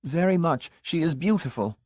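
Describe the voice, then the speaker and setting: A man's voice: on the high side, expressive, normal speed, a little mellow, dry recording, clean studio sound, voice pushed up. A man voicing a flustered middle-aged missionary pastor whose voice rises and cracks when he protests. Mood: protesting.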